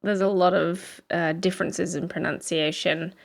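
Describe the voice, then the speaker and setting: A woman's voice: on the low side, fairly even intonation, normal speed, vocal fry. A woman with an Australian accent, co-hosting a podcast and telling stories in a chatty way with frequent laughs. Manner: chatty storyteller, laughs often. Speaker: podcast co-host. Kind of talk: casual chat.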